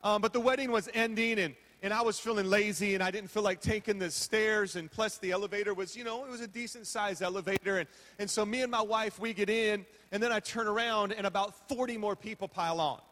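High-pitched male pastor, joking storyteller sermon from the podium, long hall echo. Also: fairly even intonation, brisk, fairly bright tone. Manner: humorous storytelling, acting out his own reactions.

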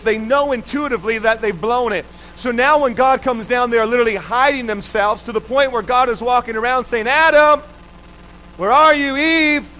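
A man's voice: sits high, a little hiss or hum, poor audio. A man in his thirties preaching a sermon, telling a childhood story and acting out the voices in it, then urging his listeners to answer back. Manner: animated, acts out quoted voices, urges the crowd to respond. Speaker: pastor.

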